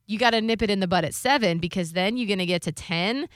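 A woman's voice: mid-range voice, fast, no room sound, clean studio sound. A woman in her thirties, a radio host, chatting casually and telling a story with lots of "like"s and acted-out quotes. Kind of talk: casual podcast chat.

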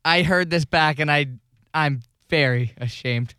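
A man's voice: on the high side, measured pace, sharp tone, clean tone, no echo, clean studio sound. A man on a casual podcast, sheepishly recounting a drunken night out. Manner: sheepish, laid-back storytelling. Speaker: podcast co-host.

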